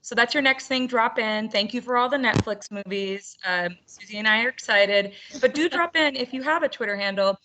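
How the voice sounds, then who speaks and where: A woman's voice: a little high, normal speed, few pauses, pushed and bright. A woman hosting an online roundtable for teachers over a video call, upbeat and chatty with frequent laughter. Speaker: webinar host.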